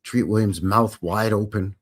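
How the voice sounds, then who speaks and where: A man's voice: lowish voice, steady tone, a little slow. A man hosting a live stream, reading viewer comments aloud and joking casually while commenting on film clips. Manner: jokey, chatty, reads viewer chat aloud.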